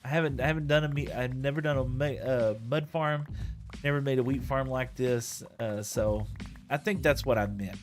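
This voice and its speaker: A man talks through his game stream in a loose, rambling way. He restarts his sentences often and chuckles between thoughts, at a middling pitch. Quiet music plays underneath him. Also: moderate pace. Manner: rambling, chatty, self-correcting with frequent chuckles. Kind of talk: casual gameplay stream chat.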